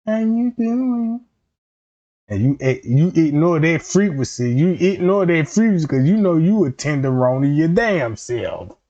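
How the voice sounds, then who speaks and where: A man's voice: medium pitch, warm tone. A man in a casual comedic rant, profane and rambling, jumping into quoted voices, on a dull lo-fi recording.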